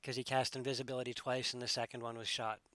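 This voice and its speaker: A man acting as game master, explaining the story in a relaxed way to his players at home. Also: medium pitch, quick pace, no room sound. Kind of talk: narrating a tabletop game. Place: home room.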